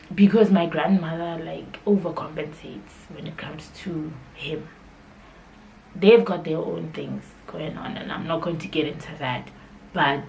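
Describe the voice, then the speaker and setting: A woman's voice: low voice, a little mellow, slight background noise, poor audio. A young woman hosting her podcast, telling a personal story in a candid, conversational way. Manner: candid and conversational, emotional at times. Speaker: podcast host.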